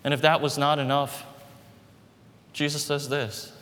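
A man preaching a sermon as pastor, emphatic, repeating phrases and slowing down on key words. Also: fairly high pitch, level tone, a bit bright. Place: church hall. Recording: reverberant hall with faint background noise.

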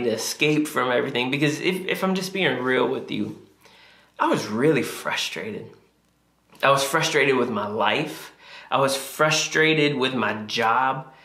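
A man preaching a sermon as a pastor, earnest and confessional, climbing higher when he acts out his own prayers. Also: fairly bright tone. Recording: echoey room.

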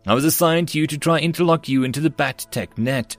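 A man's voice: a little high, quick pace, no echo, faint music behind, voice pushed up, close to an everyday voice. A man voicing a brusque human battle controller who gives blunt, clipped warnings in a slightly raised voice. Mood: curt.

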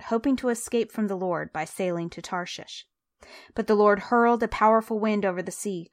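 A woman giving a scripted Bible reading for a lesson, reading at a measured, clear pace. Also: medium pitch. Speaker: scripture reader.

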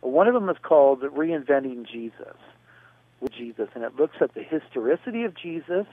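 A man's voice: on the high side, animated, moderate pace, dry recording. Man explaining over a tinny phone line. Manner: discursive, spells out names, many fillers. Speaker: radio show expert answering callers. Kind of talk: call-in radio answer.

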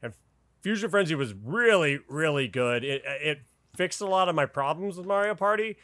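A man's voice: a little high, animated, normal speed, a bit bright, no room sound, clean studio sound. A man chatting casually as a podcast panelist, joking and rambling with restarts. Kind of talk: casual chat.

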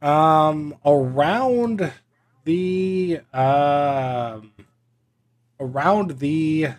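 A man co-hosting a casual sports chat, rambling with lots of fillers. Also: medium pitch. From Upper Midwest. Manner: filler-heavy, meandering delivery. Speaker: podcast co-host.

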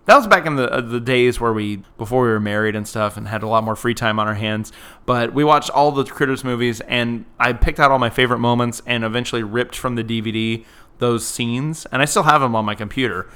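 A man's voice: medium pitch, a little fast, a bit bright, clean tone. A man co-hosting a podcast, recapping a movie in casual chat, saying "like" a lot and laughing easily. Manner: chatty, fills with "like" often, laughs easily. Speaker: podcast co-host.

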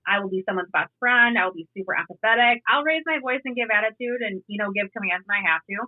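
A woman's voice: mid-range voice, quick pace. Woman, 30s, easygoing officer guest, casual storyteller, phone-quality audio. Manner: laid-back, storytelling, swears casually. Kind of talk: casual podcast chat. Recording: tinny phone line.

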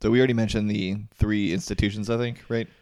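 A man's voice: lowish voice, steady tone, fast talker, a little mellow, clear, resonant tone, no room sound, clean studio sound. A man in casual chat, explaining in a laid-back way with small hesitations.

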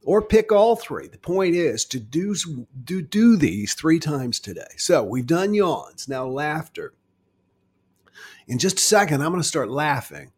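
A middle-aged man gently coaching listeners through a stress-relief exercise in a guided self-help talk. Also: on the high side, very animated, a little slow, slightly rough. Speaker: wellness guide.

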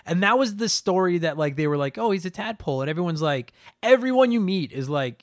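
High-voiced man ranting about games. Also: expressive, fairly quick, few pauses, dry recording, studio quality. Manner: profane, ranting, exaggerated. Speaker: podcast co-host. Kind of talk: casual gaming podcast chat.

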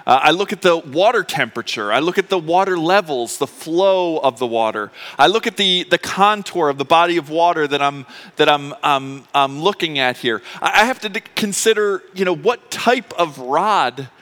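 A man's voice: a little high, lively intonation, normal speed, few pauses, fairly bright tone, long reverb tail. A man preaching a sermon to his congregation as pastor, in a chatty, emotional way, with many fillers and restarts. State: recovering from appendix surgery. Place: church sanctuary.

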